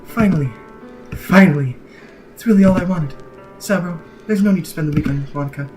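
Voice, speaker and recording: A man reading the lines of a soft-spoken, obsessive, lovesick young woman from a game, in a hushed, intense voice. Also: fairly high pitch, fairly quick, over music, close to an everyday voice. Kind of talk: reading game dialogue aloud.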